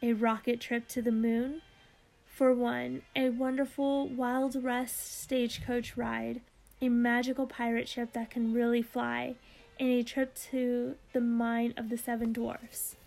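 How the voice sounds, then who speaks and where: A woman's voice: fairly high pitch, little pitch movement, unhurried, gravelly, darkish tone, soft background music, poor audio. A woman reading aloud as a polite, cheerful male cartoon mouse. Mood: friendly. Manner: courteous and cheerful.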